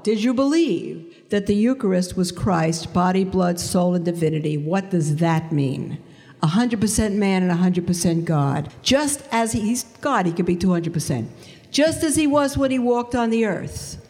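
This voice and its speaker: A woman's voice: medium pitch, lively intonation, moderate pace, a little mellow. A woman in a mid-range voice tells her faith story in an earnest, reflective way. She often poses questions and answers them herself. A long reverb hangs behind her, as in a large hall. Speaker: speaker sharing her conversion story. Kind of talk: spoken faith testimony.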